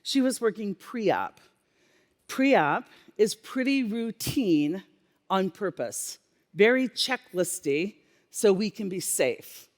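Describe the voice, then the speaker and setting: A woman giving a keynote on stage, telling a workplace story with lively acted-out dialogue. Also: mid-range voice, takes it slowly. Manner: animated storyteller acting out dialogue. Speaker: keynote speaker, former healthcare leader. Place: conference stage. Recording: long reverb of a conference hall.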